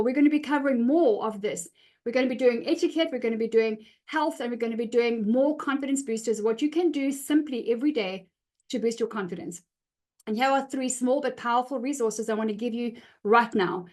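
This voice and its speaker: High-voiced energetic woman coaching. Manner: energetic, punctuates with "okay?". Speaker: confidence coach. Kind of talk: webinar coaching talk.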